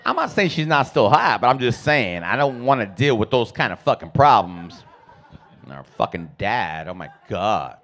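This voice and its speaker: A man's voice: lowish voice, big pitch swings, normal speed, fairly bright tone, a faint crowd. A man doing stand-up comedy, telling profane family stories and acting out his relatives. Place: comedy club stage.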